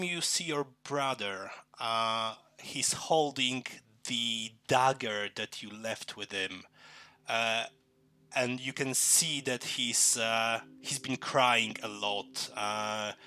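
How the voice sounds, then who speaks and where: A man narrating a tabletop fantasy game as game master, halting often with fillers and restarts. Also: mid-range voice, sharp tone.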